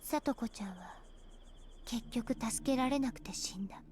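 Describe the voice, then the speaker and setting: A voice actress playing an eerily calm teenage girl in a game, speaking softly and sometimes dropping to a whisper. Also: fairly high pitch, fast talker, lightly acted. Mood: eerie calm. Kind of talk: Japanese game voice acting.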